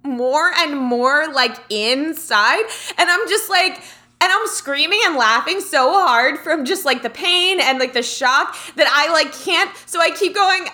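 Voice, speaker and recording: Young female co-host, high and bright, animated casual storyteller who keeps breaking into laughter. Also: measured pace. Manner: animated, laughs often mid-sentence.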